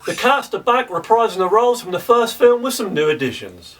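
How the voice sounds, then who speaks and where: High, bright man co-hosting. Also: sing-song, brisk, recorded from a distance. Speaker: film review co-host. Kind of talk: casual film review chat.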